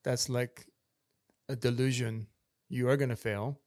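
A man's voice: medium pitch, fairly even intonation, unhurried, darkish tone, no echo, studio quality. A man in a casual podcast chat, talking earnestly and repeating his key points like a preacher.

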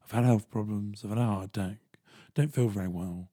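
A man voicing an unwell old British gentleman in a suit who complains quietly. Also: lowish voice, fairly quick, husky, no room sound, studio quality. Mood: complaining.

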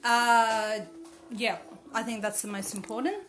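A woman's voice: on the high side, flat delivery, unhurried, a bit bright, faint music behind. A woman with an Australian accent, a podcast guest in casual chat who teases the host with dry sarcasm.

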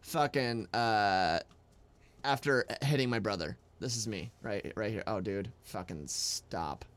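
A young man co-hosting a podcast, telling stories in a profane, excitable way while reacting to videos. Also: lowish voice, slow pace. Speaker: podcast co-host. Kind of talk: casual chat reacting to videos.

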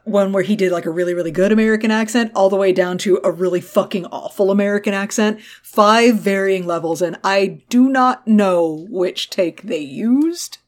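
A woman co-hosting a podcast who recaps a TV episode in a casual, animated way, swears freely and acts out the quotes. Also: mid-range voice, moderate pace, hardly any pauses. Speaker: podcast co-host.

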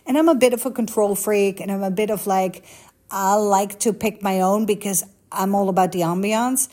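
A woman's voice: medium pitch, fairly even intonation, moderate pace, darkish tone. A woman chatting candidly and confessionally, telling personal stories and acting out the voices of people she quotes. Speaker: social media coach. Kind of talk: confessional casual chat.

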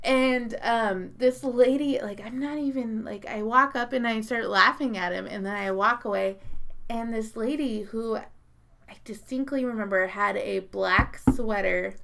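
A woman with a bright, edgy voice and a gravelly fry at the ends of her phrases tells a long, meandering story in casual chat. She leans on fillers and swears freely. When she quotes people, she leaps up into high, loud voices. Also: a little slow. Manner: rambling, profane, heavy filler words.

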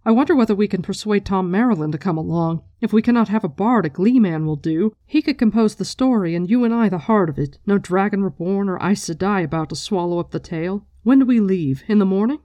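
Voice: mid-range voice, a little fast, hardly any pauses, dark tone, no echo, lo-fi sound, close to an everyday voice. A reader voicing a fierce, impatient young noblewoman who presses questions and brushes off objections. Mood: eager.

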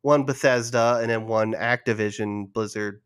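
A man's voice: on the low side, fairly even intonation, moderate pace, clear, resonant tone. Nervous laughing male podcast host. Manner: nervous, laughing, self-deprecating. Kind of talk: casual gaming podcast chat.

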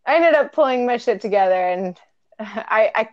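A young woman chatting on a podcast with a voice pitched a touch high. She talks candidly, swears without a second thought and breaks into laughter often. The recording is close and dry. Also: animated, normal speed, no echo, muffled recording. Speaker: podcast co-host. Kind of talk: casual chat.

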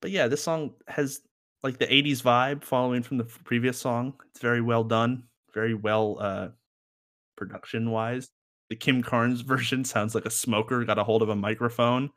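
A man's voice: medium pitch, fairly even intonation, normal speed, a bit bright. A man co-hosting a casual music podcast, rambling and joking as he reviews songs. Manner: rambling, joking, laughs often. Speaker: podcast co-host.

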